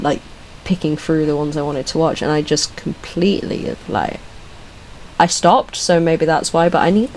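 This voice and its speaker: A young British woman hosting a casual ranking video, talking in a scattered, swearing, laughing way and now and then breaking into squeaky voice stims. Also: darkish tone, slight background noise, low-quality recording. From Britain. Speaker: video host. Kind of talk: casual solo ranking chat.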